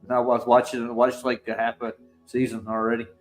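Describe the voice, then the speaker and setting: A man's voice: medium pitch, completely flat delivery, a little fast, soft background music. A man in casual chat, asking curious questions of his co-hosts.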